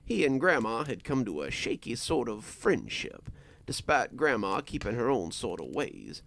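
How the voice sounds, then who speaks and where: A man narrating a scripted horror story in a slow, deliberate storytelling manner. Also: mid-range voice, huge pitch swings, creaky, a bit bright, a little hiss or hum.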